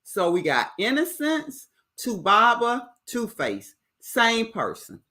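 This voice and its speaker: A woman hosting a casual livestream recap of a reality show, chatty and animated as she retells scenes. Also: on the high side, takes it slowly. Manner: chatty, animated retelling with playful quoted voices. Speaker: host.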